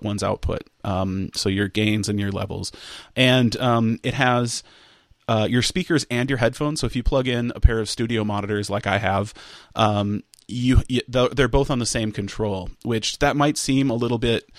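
A man's voice: medium pitch, dry recording, clean studio sound. A man casually explaining audio equipment step by step in an online interview, with frequent fillers and restarts. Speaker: audio product specialist guest. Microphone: headphones and studio microphone over an online call.

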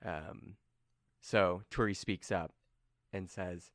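Bright-voiced casual male game master. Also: fairly low pitch, normal speed, no room sound. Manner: casual, rambling, filler-heavy recap. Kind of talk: narrating a tabletop game.

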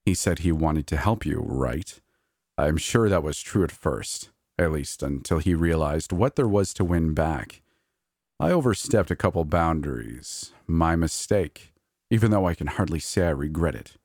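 A man's voice: very deep voice, expressive, a little mellow, dry recording, clean studio sound, full character voice. A man voicing a smug, sinister creature. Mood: smug, scheming. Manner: slow, deliberate, mocking. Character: sly sinister male creature, smug and scheming. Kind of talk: horror audiobook reading.

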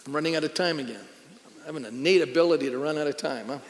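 A man's voice: fairly high pitch, racing, big-room sound. A middle-aged man, a pastor, preaching a sermon in a conversational, storytelling way with emphatic punches.

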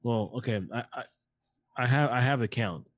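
A man in his late forties co-hosts a podcast, watching a movie and trading casual, profane banter with a friend. He has a mid-range voice at normal speed. The recording is dry.

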